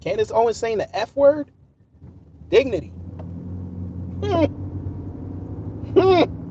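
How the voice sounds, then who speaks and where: A man with a high-pitched voice talks back to his chat while driving, sarcastic and combative. The sound is dull and lo-fi, caught on a phone inside the car. Steady road noise runs clearly underneath him. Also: measured pace. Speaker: streamer answering live chat. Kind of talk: live-stream commentary while driving.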